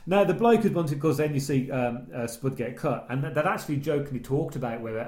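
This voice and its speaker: A man, casually discussing a film and retelling its scenes in an animated way. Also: mid-range voice, a little fast, few pauses. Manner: animated storytelling, quoting lines from a film. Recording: echoey room.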